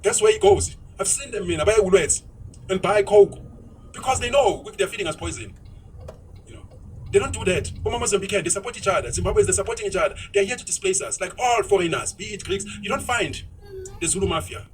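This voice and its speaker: A man's voice: high voice, quick pace, far from the mic, slight background noise, rough recording. A South African man ranting bluntly in opinionated podcast talk, switching into isiZulu phrases.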